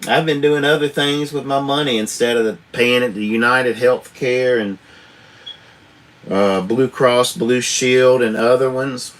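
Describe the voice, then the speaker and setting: A truck driver with a medium-pitched, steady voice chats and rambles at a measured pace on a live stream. He swears freely and chuckles often, captured by a tablet camera.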